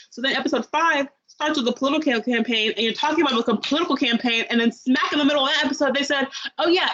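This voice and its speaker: Rambling, high-voiced young woman. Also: slightly rough. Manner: rambling, animated storytelling. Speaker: podcast co-host. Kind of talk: casual review chat. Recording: dull lo-fi sound.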